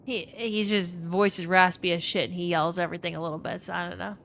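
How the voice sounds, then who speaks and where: A woman's voice: on the low side, level tone, fast, vocal fry, fairly bright tone, slight background noise. A young woman from Louisiana with a New Orleans accent, chatting casually with her stream chat and swearing freely. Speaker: gaming streamer.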